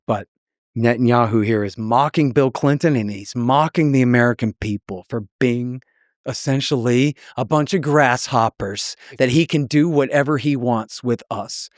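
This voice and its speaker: A man's voice: mid-range voice, no echo, clean studio sound. A man as a podcast guest, talking in a heated, mocking storytelling manner and acting out the voices of people he quotes.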